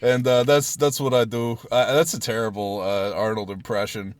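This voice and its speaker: A man hosting a casual podcast chat, excitable, laughing often and breaking off mid-sentence to start over. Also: medium pitch, normal speed. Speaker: podcast host.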